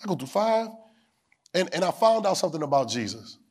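A man a sermon in a call-and-response style. He repeats phrases, asks the room whether they hear him, and climbs to shouts. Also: on the high side, big pitch swings, brisk. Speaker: preacher.

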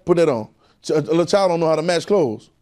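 A man's voice: on the high side, expressive, quick pace, darkish tone. A man teaching a Bible class in a preaching style, repeating phrases and calling out questions to the room. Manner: call-and-response, repetitive, emphatic.

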